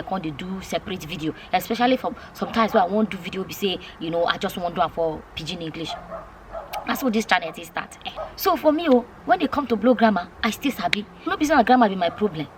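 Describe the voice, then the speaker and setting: Nigerian woman, vlogger, rapid casual talk, animated, faint background noise. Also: on the low side. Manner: animated, repeats her points, asks viewers questions. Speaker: YouTube vlogger.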